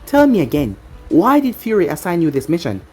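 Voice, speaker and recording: A cocky, overpowered young ninja man, casual and matter-of-fact in a storybook reading, as a woman narrator reads his lines. The voice sits low for a woman, and it swings a lot in pitch. It has a husky edge. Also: huge pitch swings, brisk, a little mellow, faint music behind, heavily acted. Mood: teasing.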